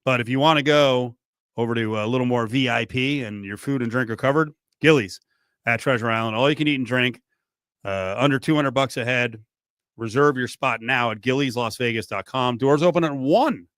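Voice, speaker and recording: A middle-aged man hosting a sports radio show in a studio, joking and animated. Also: mid-range voice, fairly quick, clear, resonant tone, dry recording. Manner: animated, joking, swings from mutter to near-shout. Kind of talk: casual sports talk. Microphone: studio mic.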